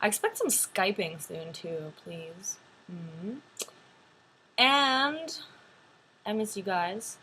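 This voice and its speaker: Chatty, animated young woman vlogger. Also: medium pitch, extremely slow, long pauses, slight background noise. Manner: chatty, animated, many "like" fillers. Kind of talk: casual storytelling to camera.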